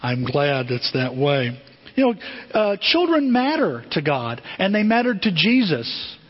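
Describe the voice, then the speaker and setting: Older male preacher, animated storyteller, raspy high voice, long reverb and muffled sound. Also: a little slow. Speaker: pastor. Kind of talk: sermon. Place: church sanctuary. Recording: dull long-reverb church hall.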